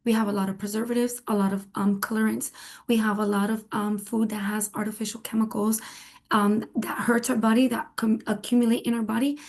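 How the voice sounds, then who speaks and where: A woman's voice: fairly high pitch, little pitch movement, brisk, darkish tone. A woman who is a wellness clinic doctor, a guest answering interview questions and explaining through repetition and everyday comparisons.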